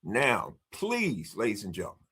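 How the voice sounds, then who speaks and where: A man's voice: fairly low pitch, huge pitch swings, moderate pace, pushed and bright, slightly rough. A man speaking as a marketing strategist guest in a podcast interview, telling stories emphatically, acting out bits of dialogue and speaking straight to the audience. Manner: emphatic, acts out dialogue, addresses the audience directly. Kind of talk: energetic podcast interview storytelling.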